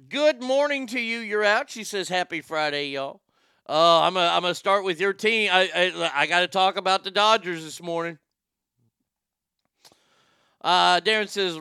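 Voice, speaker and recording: A man's voice: high voice, pushed and bright, smooth, no echo, studio quality. A man hosting a casual morning show, reading out listener messages and ranting with plenty of swearing. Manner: profane, ranting, reads listener messages aloud. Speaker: show host.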